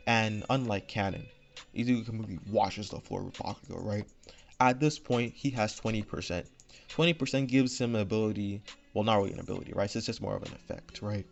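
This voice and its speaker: A man's voice: lowish voice, brisk, vocal fry, lo-fi sound, soft background music. A man casually retelling his own fan story unscripted, rambling with fillers and frequent "right?" asides, recorded on a home desk microphone. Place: home room.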